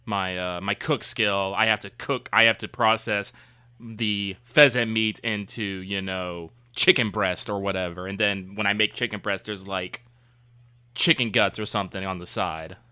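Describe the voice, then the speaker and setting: A man playing a tabletop game, talking through his moves in a halting way with many restarts. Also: fairly low pitch, fairly even intonation, sharp tone, clear, resonant tone, dry recording. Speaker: player. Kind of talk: casual tabletop game chat.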